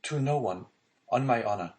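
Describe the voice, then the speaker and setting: A man's voice: mid-range voice, expressive, moderate pace, darkish tone, voice pushed up, natural voice. A man reading the part of an honest, eager young prisoner who pleads earnestly.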